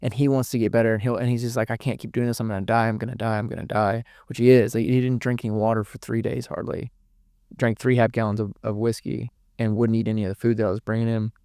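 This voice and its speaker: A man's voice: mid-range voice, level tone, fast talker, dark tone, smooth, no echo, studio quality. A young man giving an earnest, emotional podcast interview, swearing freely and repeating words as he talks. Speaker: podcast guest. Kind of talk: candid emotional interview talk.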